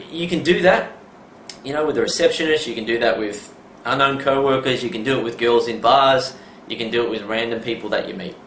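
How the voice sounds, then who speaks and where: A man's voice: mid-range voice, a bit bright. A middle-aged man, a dating coach talking through his advice in a loose, conversational way and saying "you know" a lot. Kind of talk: casual instructional monologue. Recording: roomy, distant mic, faint background noise.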